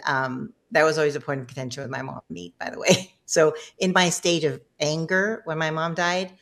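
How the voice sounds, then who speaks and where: A woman's voice: deep voice, gravelly. A middle-aged woman telling a personal story as a guest in casual conversation, chatty and self-deprecating, laughing often.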